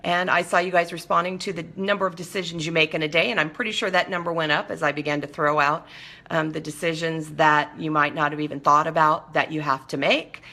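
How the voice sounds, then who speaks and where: A woman's voice: deep voice, steady tone, brisk, pushed and bright. A middle-aged woman hosting a live show, chatting casually with viewers and coaching them in a direct, firm way.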